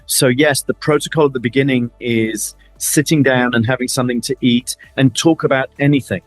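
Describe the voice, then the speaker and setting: Animated middle-aged man with a Middle Eastern accent. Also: medium pitch, fairly quick, dry recording, faint music behind. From Middle East. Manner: animated storytelling, acts out quoted lines, frequent repeats. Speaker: interview guest, family office advisor. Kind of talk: conversational fireside chat.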